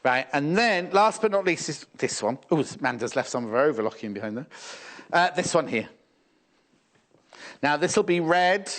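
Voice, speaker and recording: A middle-aged man hosting live studio shopping TV, full of chatty asides as he reads out viewer messages. His voice sits a little high and swings about a great deal. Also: expressive, moderate pace, long pauses, a bit bright. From England. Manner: chatty, fussing aloud, reading out viewer messages. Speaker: shopping channel presenter. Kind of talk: live sewing shopping TV chat.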